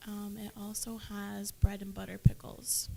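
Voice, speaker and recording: A woman's voice: medium pitch, monotone, measured pace, vocal fry, darkish tone, a little hiss or hum, low-quality recording. A young woman presenting her team's dishes in a hesitant way, with many ums. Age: teens or young adult. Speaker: student cook presenting food.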